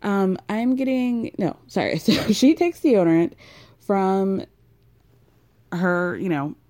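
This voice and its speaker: A woman's voice: mid-range voice, animated, slow, mellow, dry recording, studio quality. A woman hosting a casual recap, talking frankly, swearing freely and leaning on fillers. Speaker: podcast host recapping a reality show.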